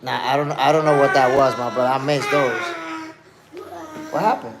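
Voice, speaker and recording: A man's voice: medium pitch, steady tone, fast talker, very noisy. A man in his fifties hosting a live stream, chatting casually in slang and reminiscing as he reads out the chat. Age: 50s. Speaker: boxing podcast host.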